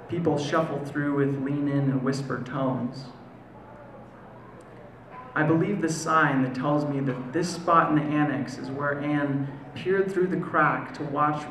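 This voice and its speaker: Spoken word poet, American man, gravelly mid voice, slow deliberate pauses, roomy echo. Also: mid-range voice, fairly bright tone. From United States. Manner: measured, deliberate delivery with slow, lingering pauses. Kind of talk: spoken word poetry performance. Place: live performance venue. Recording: echoey room, faint ambient noise.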